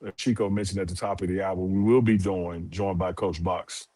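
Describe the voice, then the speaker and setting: A man co-hosting a casual sports talk show, speaking in a relaxed, steady way. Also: deep voice, normal speed, no room sound. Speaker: co-host.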